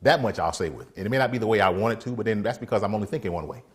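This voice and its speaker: Husky, lively man giving a faith talk. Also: lowish voice, very fast. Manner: animated, laughs often, acts out little scenes. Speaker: defense attorney and faith speaker. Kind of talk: casual motivational faith talk.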